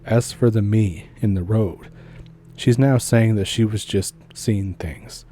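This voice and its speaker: Low, mellow male horror storyteller. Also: slow pace, a little hiss or hum. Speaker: story narrator, channel host. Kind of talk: scripted first-person horror story narration.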